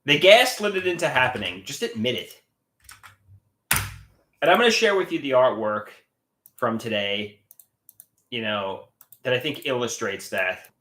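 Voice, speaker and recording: Man, mid-pitch, agitated livestreamer, repetitive and profane, recorded in an echoey room. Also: expressive, measured pace, pauses often, a bit bright. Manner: agitated, swearing, repeats himself and restarts. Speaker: livestreamer showing his artwork. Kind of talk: casual livestream talk.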